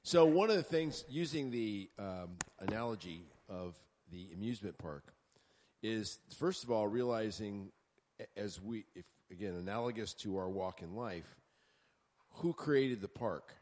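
A man's voice: lowish voice, lively intonation, unhurried, darkish tone, in a large hall. A man giving an informal closing comment to a church group, speaking hesitantly and restarting phrases.

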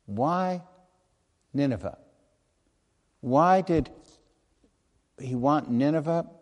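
A man's voice: fairly high pitch, animated, extremely slow. A man preaching a sermon in an earnest, conversational way, with asides and self-corrections. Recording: long hall reverb.

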